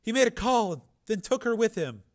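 Man in falsetto as scared, pleading young women. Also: very animated, brisk. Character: terrified young female prostitutes, pleading. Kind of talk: reading a crime novel aloud.

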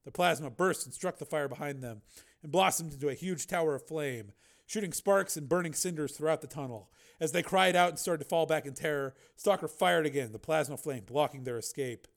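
A man reading a science fiction audiobook aloud, steady and even, now and then correcting a slip. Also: fairly high pitch, brisk, vocal fry. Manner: steady storytelling with occasional slips and self-corrections. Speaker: narrator. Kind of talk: audiobook narration.

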